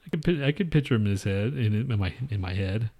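A male co-host bantering loudly, with a lively pitch that jumps around. His jokes are crude and casual. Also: fast talker. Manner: loud, joking, profane banter. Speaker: podcast co-host. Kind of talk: casual chat.

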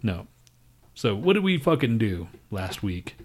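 A man co-hosting a podcast, talking in loud, profane, ranting casual banter. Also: on the low side, very animated, measured pace. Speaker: podcast co-host.

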